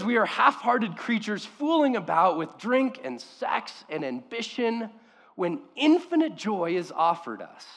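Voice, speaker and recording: A man preaching a sermon as pastor, impassioned, swinging between loud emphasis and quiet, hushed lines. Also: a little high, in a large hall.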